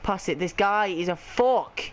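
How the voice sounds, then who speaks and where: A man's voice: high-pitched, measured pace. A young man giving live commentary on his own football video game match, ranting and swearing in frustration. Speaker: gaming video creator.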